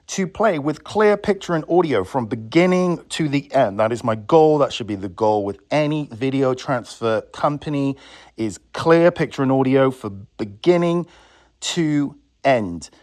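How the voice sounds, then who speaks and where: A man's voice: a little high, a little mellow, no room sound, clean studio sound. A man who runs a video transfer business, ranting bluntly and sarcastically in a vlog, with some swearing.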